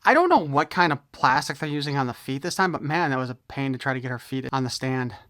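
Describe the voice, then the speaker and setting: A man's voice: mid-range voice, animated, fast talker, over music. A man giving a casual unboxing review of a toy, opinionated and wry, with jokes thrown in.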